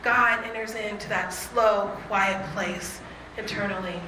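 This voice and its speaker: A woman giving a reflective faith talk, earnest and conversational, slowing down to stress key points. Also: medium pitch, fairly even intonation, bright, forceful tone, slight background noise. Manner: earnest, conversational, slows for emphasis. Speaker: speaker. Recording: echoey room with faint ambience.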